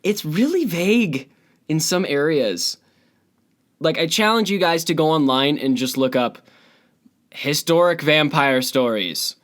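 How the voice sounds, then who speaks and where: A man's voice: on the high side, expressive, measured pace, a bit bright. Man, podcast host, lisping, casual chat, giggly, scattered. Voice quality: lisp from braces. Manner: giggly, scattered, laughs often.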